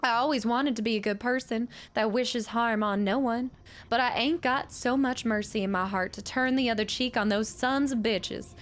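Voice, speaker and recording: A woman voicing a bitter, grieving old woman, reading her letters slowly in a folksy drawl. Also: on the high side, lightly acted. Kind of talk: reading game letters aloud in character.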